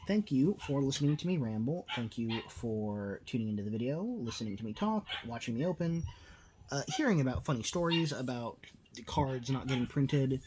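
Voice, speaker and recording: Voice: mid-range voice, moderate pace, a little mellow, a little hiss or hum. A host giving casual, rambling commentary while opening card packs, a little tired and full of fillers. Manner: rambling, filler-heavy, self-deprecating.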